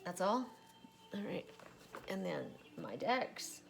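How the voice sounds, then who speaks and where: A woman's voice: mid-range voice, very animated, slow pace, creaky, a little hiss or hum. A woman doing a casual oracle card reading, chatty and laughing often as she repeats a set phrase.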